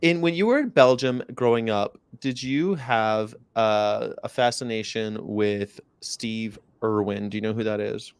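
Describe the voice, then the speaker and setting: A man's voice: on the low side, measured pace, hardly any pauses, smooth, no room sound. A man hosting a livestream, chatting casually over a video call, rambling from story to story and swearing freely. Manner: rambling, profane, anecdotal. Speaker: livestream host. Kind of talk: casual chat.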